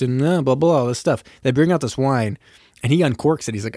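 A man recapping a movie in a relaxed back-and-forth chat, animated and quick to act out the characters' lines. His voice sits at a middling pitch and sounds close and dry, with no room around it. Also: no echo.

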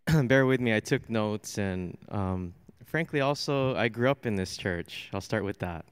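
A man's voice: lowish voice, expressive, moderate pace, clean tone. A man in his forties giving a personal testimony at a church service, telling his story earnestly. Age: 40s.

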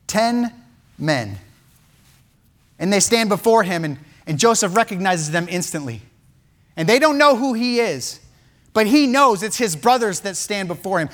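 High-voiced male preacher telling a story. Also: a bit bright. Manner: dramatic storytelling, acting out quotes, frequent restarts. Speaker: pastor. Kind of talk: sermon.

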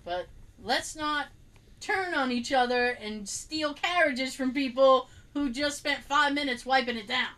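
A woman telling a story in casual chat, animated and laughing, acting out quotes as she rants. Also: high-pitched, unhurried, slight background noise, low-quality recording. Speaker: co-host.

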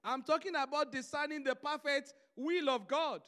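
A man's voice: extremely high pitch, normal speed, bright, forceful tone. A man preaching a sermon, telling stories and driving his points home through emphatic repetition.

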